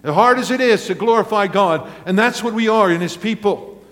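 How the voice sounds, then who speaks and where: A man's voice: high voice, a little fast, fairly bright tone. A male pastor preaching a sermon, telling stories animatedly with acted quotes and chuckles. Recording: long reverb of a large hall.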